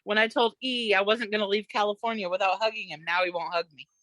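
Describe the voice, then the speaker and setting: A woman's voice: mid-range voice, fairly even intonation, fast talker, fairly bright tone, no room sound. A woman joining a casual podcast chat, teasing and playful.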